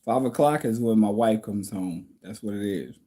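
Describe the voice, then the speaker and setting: Low, mellow-voiced man hosting a livestream. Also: normal speed. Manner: blunt, preachy, reads out viewer comments. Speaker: livestream host answering viewer questions. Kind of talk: casual livestream chat. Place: at home.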